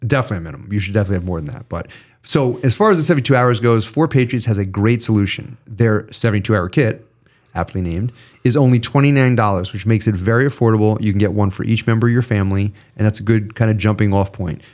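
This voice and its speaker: A man's voice: lowish voice, fast talker, darkish tone. Profane ranting podcast host guy. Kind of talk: casual podcast chat and ad reads.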